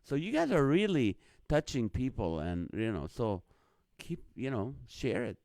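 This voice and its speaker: A man hosting a casual live stream, reading out viewer comments, chuckling often and turning quiet when serious. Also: very animated, a little slow, no room sound, clean studio sound. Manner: drops quiet and low when serious, lifts loud for jokes. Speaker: host of a live show.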